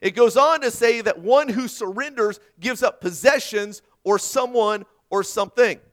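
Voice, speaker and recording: A male pastor giving an earnest sermon, asking rhetorical questions and swinging between loud and soft. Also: extremely high pitch.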